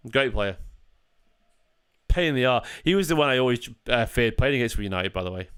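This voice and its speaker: A man's voice: medium pitch, animated, fairly quick, fairly bright tone, smooth. Tired man chatting through a football watchalong. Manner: chatty, reacting to the match and reading chat messages. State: tired, yawning. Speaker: fan channel host. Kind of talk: live football watchalong chat.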